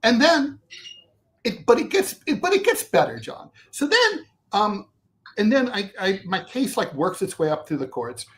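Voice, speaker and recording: A man co-hosting a talk show, telling a long personal story in casual chat, animated and swearing, with many restarts and asides. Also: high voice, moderate pace. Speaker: co-host.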